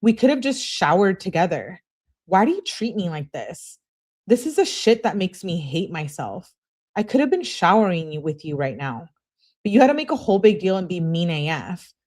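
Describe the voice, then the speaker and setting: A woman's voice: fairly low pitch, big pitch swings, moderate pace, a little mellow. A woman reading aloud the text messages of a young woman who pleads with and demands things of her boyfriend, in a raised, insistent tone.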